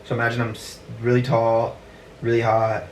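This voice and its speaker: A man's voice: mid-range voice, completely flat delivery, normal speed. A man hosts a loose, joking podcast chat, teasing his guest with crude questions and frequent laughter. His voice sounds distant, as if the mic sits across the room, with a roomy echo and a faint hiss underneath. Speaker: podcast host.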